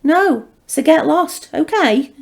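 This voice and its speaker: A woman's voice: high voice, lively intonation, takes it slowly, creaky, voice pushed up, exaggerated voice. Woman voicing a scornful young would-be witch. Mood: defensive. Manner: scornful, curt. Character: young woman learning witchcraft, rude and defensive.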